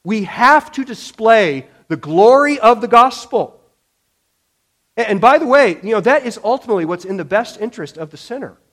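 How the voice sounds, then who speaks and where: A man's voice: high-pitched, lively intonation, moderate pace, fairly bright tone. A man preaching a sermon, speaking emphatically with frequent restarts and acting out quotes. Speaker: pastor.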